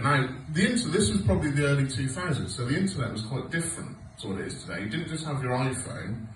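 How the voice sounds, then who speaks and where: Sarcastic comic telling stories live. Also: male voice, medium pitch, animated, fast talker, hardly any pauses, far from the mic, slight background noise. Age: 40s. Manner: sarcastic, swearing, storytelling. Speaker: stand-up comedian. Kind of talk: stand-up comedy set. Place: comedy club stage with audience laughter. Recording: roomy live club recording from afar.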